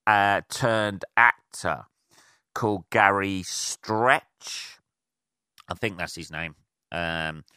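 A podcast host with a low, sharp, smooth voice rants alone in a rambling, profane, casual way, full of fillers and restarts. He uses a handheld portable recorder, yet the recording is dry and studio quality.

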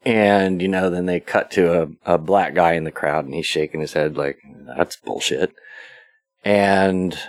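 A man hosts a casual solo podcast, recapping a film scene by scene in a loose, rambling, relaxed way. His very low voice is recorded close and dry, with no room sound or echo. He fills his thoughts with fillers and slips into brief quoted asides.

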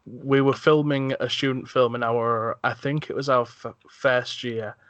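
A man's voice: medium pitch, steady tone, unhurried, no echo. A young English man with an English accent, chatting as a podcast co-host in a hesitant way with lots of fillers. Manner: hesitant, full of fillers, gentle. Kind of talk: casual chat.

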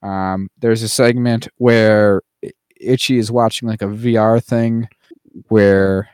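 A man's voice: lowish voice, fairly even intonation, slow pace, darkish tone, smooth, no echo, studio quality. A man co-hosting a podcast in casual chat, rambling and filler-heavy, now and then dropping into playful mock voices. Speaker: podcast co-host.

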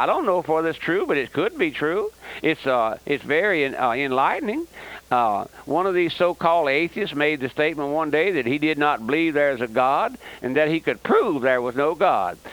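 A man preaching a fiery radio sermon, rising to emphatic exhortation and swinging his pitch widely. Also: a bit bright, rough recording. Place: tabernacle. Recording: old radio broadcast recording.

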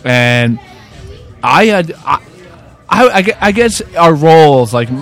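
A man's voice: a little high, big pitch swings, slow, fairly bright tone. A man co-hosting a podcast in casual chat, rambling with many restarts, recorded in a resort bar. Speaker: podcast co-host. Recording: faint bar music behind.

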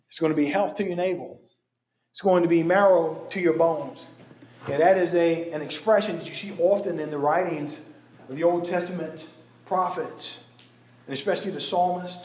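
A man preaching a sermon as guest speaker, swinging from loud raised scripture quotes to hushed low passages. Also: echoey room.

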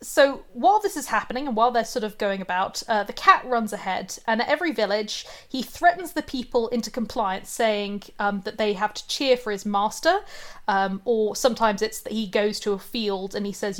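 A woman's voice: mid-range voice, moderate pace. A woman retelling a fairy tale in casual chat, with lots of fillers, asides and giggles.

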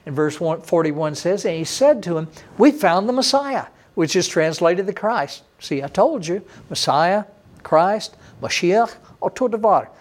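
A middle-aged man, a pastor, preaching a sermon with emphatic swings between loud, high bursts and quiet, low passages. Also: unhurried. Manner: emphatic preaching with sudden rises and drops in pitch and loudness.

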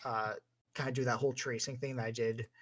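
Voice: mid-range voice, little pitch movement, fast. A player at a tabletop game, thoughtful and asking about the rules. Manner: thoughtful, asks rules questions.

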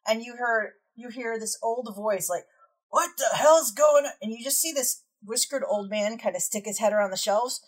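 A woman's voice: fairly high pitch, steady tone, moderate pace, few pauses, poor audio. A woman running a tabletop game as game master, narrating scenes loosely with lots of "like" and "kinda".

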